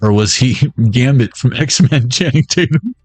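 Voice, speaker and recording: A man's voice: medium pitch, expressive, a little slow, darkish tone, slightly rough, no room sound, soft background music. A man giving a casual pick-a-deck tarot reading, joking around in a playful, slangy way. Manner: playful and jokey, slangy banter. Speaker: tarot reader.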